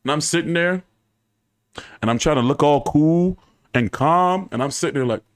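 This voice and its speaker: With no echo on the audio, this boxing channel host speaks at normal speed in a voice on the high side. He tells casual, laughing, profane anecdotes to his viewers with plenty of animation.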